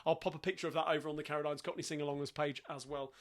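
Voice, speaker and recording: A man hosting a live-streamed sing-along, chatting cheerfully and quickly between songs. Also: fairly high pitch, steady tone. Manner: chatty, cheerful, rapid asides. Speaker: sing-along host and pianist. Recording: live stream over loud piano. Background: piano music.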